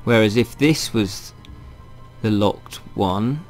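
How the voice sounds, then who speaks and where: A man's voice: lowish voice, slow pace, soft background music. A man reading a fantasy video game aloud in a wry, chatty way and thinking aloud as he plays. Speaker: gaming channel host.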